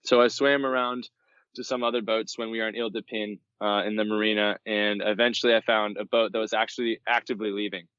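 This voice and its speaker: A man from Florida, a podcast guest, telling travel stories in a lively way and acting out the people he quotes. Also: quick pace, smooth, no echo. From Florida, USA. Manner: animated storyteller, acts out quoted people in a higher voice. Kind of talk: storytelling interview. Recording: dull, dry podcast mic.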